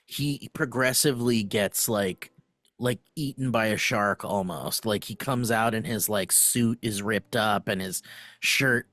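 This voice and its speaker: A man co-hosting a podcast in casual chat, an animated storyteller who slips into loud voices of the people he describes. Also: lowish voice, measured pace, dry recording. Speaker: podcast co-host.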